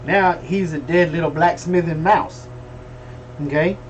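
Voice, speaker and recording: A man's voice: on the high side, measured pace, highs cut off. Folksy, joking middle-aged livestream host, man, mic a little far off. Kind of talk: casual livestream chat. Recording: distant mic with faint room noise.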